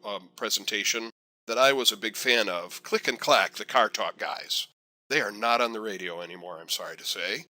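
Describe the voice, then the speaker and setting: A man teaching a software tutorial over a screen recording, chatty and encouraging with folksy asides. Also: medium pitch. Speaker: software instructor.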